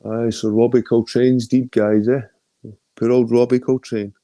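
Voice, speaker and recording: A man's voice: medium pitch, level tone, unhurried, dark tone, no echo. A Scottish man of around forty hosting a casual livestream, rambling, swearing freely and greeting viewers as he reads their comments. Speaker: livestream host.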